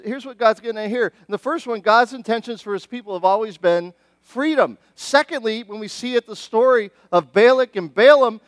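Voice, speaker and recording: Middle-aged man, pastor; high, bright-edged voice, lively conversational sermon delivery, dry sound. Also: dry recording. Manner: animated, conversational preaching with many restarts.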